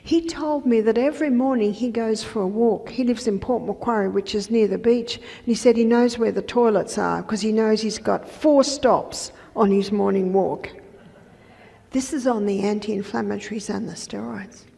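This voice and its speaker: A woman health educator giving a lecture, telling patient stories in a conversational way with soft asides. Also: mid-range voice, normal speed, creaky. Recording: reverberant lecture hall.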